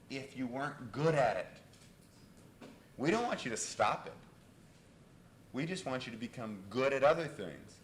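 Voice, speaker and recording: A man giving a university lecture in an animated storytelling way, on an old reel-to-reel tape. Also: medium pitch. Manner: animated, loud when acting out exchanges. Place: lecture hall. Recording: old reel-to-reel tape, echoey lecture hall, faint hiss.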